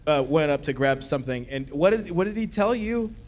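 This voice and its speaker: Excitable high-voiced male podcast host. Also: brisk. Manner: excitable, laughs often, jumps in. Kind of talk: live podcast banter.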